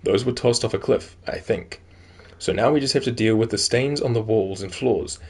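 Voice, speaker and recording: This man's voice is on the low side, a little mellow and husky, moving at a moderate pace. He's streaming a video game, chatting casually and reading in-game notes aloud, rambling with lots of "like" and "um."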